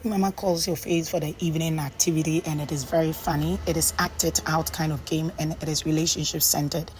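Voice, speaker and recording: Woman, very low voice, chatty recap, light background hiss. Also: fairly even intonation, fairly quick, a little mellow, poor audio. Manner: chatty storytelling with frequent ums and pidgin asides. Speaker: reality show recap host. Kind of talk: casual show recap narration.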